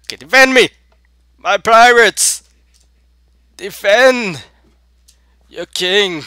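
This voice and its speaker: A man putting on a dramatic pirate king voice, shouting orders to his crew in drawn-out, theatrical proclamations. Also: sits high, lively intonation, clear, resonant tone, dry recording, studio quality, pitched above the performer's own voice, full character voice. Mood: commanding.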